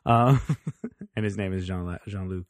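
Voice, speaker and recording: Man, podcast co-host, casual TV review chat, low voice, laughs a lot. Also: a little slow, no room sound. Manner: laughs often, acts out characters' lines.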